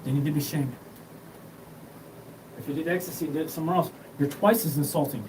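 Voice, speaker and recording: A man's voice: fairly high pitch, brisk. A man rambling through a profane, scattered monologue as the host of his own show. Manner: rambling, profane, jumps between topics. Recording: distant mic with noticeable room hum.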